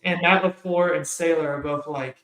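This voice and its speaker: A man's voice: a little high, steady tone, normal speed, a bit bright. Ranting man in an echoey room. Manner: heated, ranting, storytelling. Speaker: podcast co-host. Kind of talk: casual sports chat.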